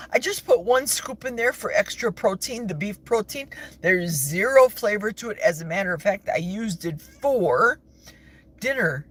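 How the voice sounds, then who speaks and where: A woman in her sixties from the United States, chatting on a live stream from her parked car and answering viewer comments in a rambling, talkative way. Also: mid-range voice. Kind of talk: casual live-stream chat. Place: parked vehicle. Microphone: phone held in the car. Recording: car noise in the background. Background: vehicle noise.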